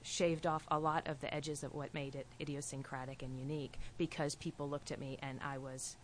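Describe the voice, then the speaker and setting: A woman's voice: low voice, little pitch movement, a little fast, a little hiss or hum. A woman writer from Appalachia with a light Appalachian accent, speaking thoughtfully in a panel discussion. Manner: thoughtful, literary.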